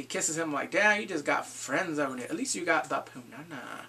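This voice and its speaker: A man casually recapping a TV episode, swearing freely and jumping into quick impressions of the characters. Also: a little high, sing-song, vocal fry, pushed and bright, far from the mic, slight background noise. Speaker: TV show reviewer. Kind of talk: casual spoiler recap vlog.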